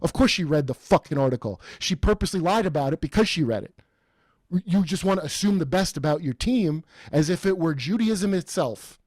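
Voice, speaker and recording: A man's voice: fairly high pitch, animated, a little fast, darkish tone, no echo, studio quality. A man hosting a podcast, talking in a rambling, profane, mocking way and putting on quoted voices. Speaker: podcast host. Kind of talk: casual comedic chat.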